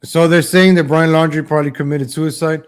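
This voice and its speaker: A man's voice: flat delivery, a little fast, clean tone. A man hosting a political livestream who talks in a rambling, sarcastic way, with frequent restarts. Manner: mocking mimicry of politicians in a higher voice; says "ladies and gentlemen" often. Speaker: host of a political commentary show. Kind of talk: livestream commentary.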